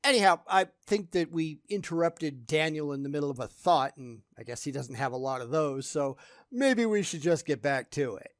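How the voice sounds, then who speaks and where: A man's voice: on the high side, animated, normal speed, dry recording, clean studio sound. A man giving sarcastic reaction commentary, blunt and scornful in how he talks.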